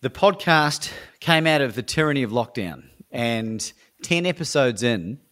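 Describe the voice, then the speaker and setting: A man's voice: medium pitch, animated, unhurried, a bit bright. An Australian man is telling his stories as a podcast guest. He speaks with eager, emphatic energy and often repeats a word as he restarts a sentence. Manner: enthusiastic, emphatic, repeats words when he restarts. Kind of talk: animated storytelling in a podcast interview.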